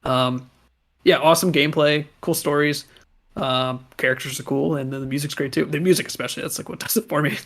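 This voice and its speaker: Podcast co-host, adult man, brisk higher voice, chatty, laughs a lot. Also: steady tone, a bit bright. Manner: quick, laughs often, lots of likes. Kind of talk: casual chat.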